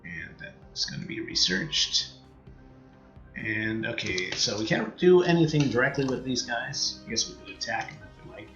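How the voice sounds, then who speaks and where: Bright-voiced Canadian man thinking aloud. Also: medium pitch, expressive, moderate pace, echoey room, highs cut off, faint music behind. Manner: thinks aloud, many fillers and trailing-off sentences. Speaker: let's play streamer. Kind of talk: casual game commentary.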